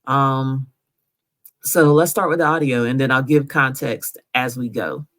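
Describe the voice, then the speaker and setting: A woman's voice: extremely low pitch, unhurried, a bit bright. A woman hosting her own show, telling her story in a conversational way and checking in with the listener as she goes. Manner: conversational, recounting events step by step with frequent "right?". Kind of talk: first-person storytelling over recorded audio.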